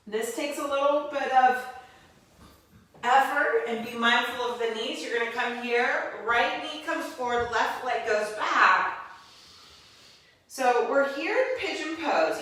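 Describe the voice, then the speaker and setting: A woman teaching a guided yoga class, calmly cueing each move step by step with spiritual encouragement. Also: fairly high pitch. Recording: very echoey room, voice from a distance.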